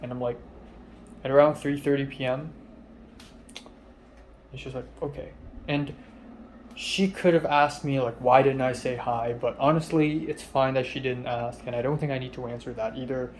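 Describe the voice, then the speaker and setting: A young man telling a personal story in a casual, rambling way, with lots of fillers, often trailing off quietly in a flat, low-key voice. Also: normal speed, pauses often, slight background noise.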